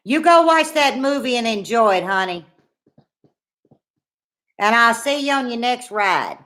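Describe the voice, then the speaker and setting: A woman's voice: a little high, animated, unhurried, pushed and bright. A middle-aged woman with a Louisiana Southern accent, co-hosting a casual live chat in a folksy, teasing, chatty way. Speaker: co-host of a live cooking chat stream.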